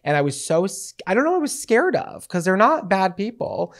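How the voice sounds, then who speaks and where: A man's voice: high-pitched, fairly quick. Theatrical young man telling stories. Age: 20s. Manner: theatrical, animated storyteller; cheeky, playful joking. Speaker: podcast co-host. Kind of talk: casual podcast chat.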